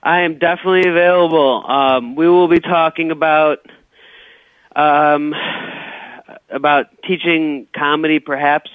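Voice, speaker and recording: A man's voice: on the high side, steady tone, measured pace, dry recording. A comedian guest telling rambling stories, stammering and restarting his sentences. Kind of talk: casual comedic storytelling. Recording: tinny phone line.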